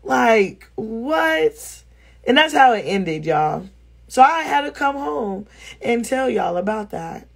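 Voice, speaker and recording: Live-streaming from home on her phone, a woman vlogger tells her viewers a story in a slightly high, gravelly, husky voice at a slow pace. She's blunt and animated and swears freely throughout.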